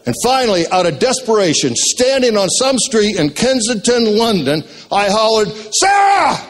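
Older man telling folksy stories, high voice. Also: moderate pace. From Maine. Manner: folksy, joking, animated storyteller. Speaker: retired speaker telling life stories. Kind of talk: motivational storytelling talk.

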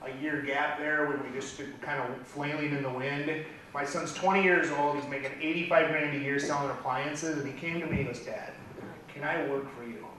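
A middle-aged man giving an impassioned motivational speech at a business event, building to near-shouting. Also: fairly high pitch, fairly even intonation, fairly quick. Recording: echoey hall from far off, faint noise.

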